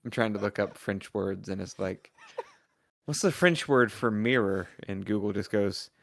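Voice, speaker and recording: A man's voice: fairly low pitch, normal speed, vocal fry. A man in a book club chat, telling little stories with amusement. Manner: storytelling, amused. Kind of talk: casual group chat.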